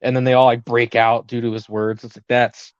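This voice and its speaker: A man's voice: medium pitch, flat delivery, fairly quick, clear, resonant tone, no room sound, highs cut off. A young man co-hosting a casual podcast, rambling with lots of fillers and easy laughter. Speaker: podcast co-host.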